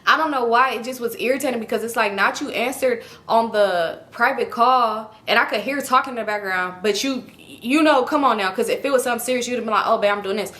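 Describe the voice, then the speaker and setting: A young woman tells a dramatic storytime quickly, her voice bright and a little high. She is animated, swears freely, and acts out every voice in the conversations. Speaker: storytime vlogger. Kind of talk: casual storytelling.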